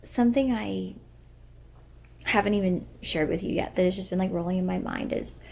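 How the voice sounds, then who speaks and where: A woman's voice: mid-range voice, normal speed, vocal fry, darkish tone, slight background noise. A young woman co-hosting a podcast, talking earnestly in a rambling casual chat full of fillers. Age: young adult. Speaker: podcast co-host.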